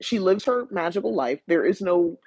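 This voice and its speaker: Woman, podcast host, rambling book review chat, fry in the voice. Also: on the low side, lively intonation, normal speed, a little mellow, no room sound. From South New Jersey, USA. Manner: chatty, rambling, frequent restarts and fillers; greets live viewers by name.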